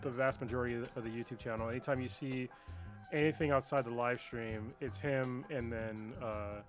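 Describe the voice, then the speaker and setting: Male co-host, middle pitch, relaxed and grateful, faint music bed. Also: a little fast. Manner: easygoing, thankful, casual shout-outs with fillers. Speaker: podcast co-host reading chat shout-outs. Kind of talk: casual chat.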